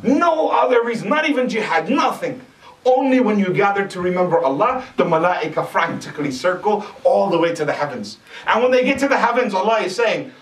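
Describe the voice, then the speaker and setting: A man's voice: high voice, a little fast. A man giving a sermon at a mosque, talking with animation and putting questions to his listeners. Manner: animated, asks the audience questions. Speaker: mosque lecturer. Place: mosque hall. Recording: echoey hall, distant mic.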